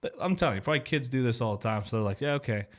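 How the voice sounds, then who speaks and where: A man's voice: mid-range voice, animated, racing. A young man hosting a casual podcast chat, laid-back and swearing freely as he tells a story.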